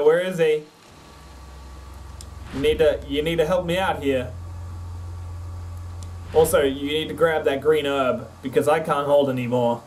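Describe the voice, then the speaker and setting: A man with a slightly high, slightly mellow voice streams a horror game, swearing and jumping as he speaks to his companion. He uses a desk mic with a face cam for his let's play commentary. The poor audio has a faint hiss or hum.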